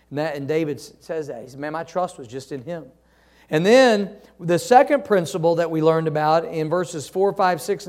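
Male pastor, high voice, sermon delivery with call-and-response and quiet, slowed emphasis. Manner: preaching with call-and-response questions to the congregation; reads scripture aloud, drops to soft, slow phrases for emphasis.

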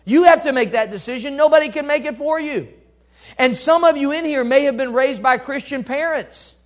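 A middle-aged man preaching a sermon, earnest, swinging between loud urging and quiet asides. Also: very high-pitched, normal speed. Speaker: pastor.

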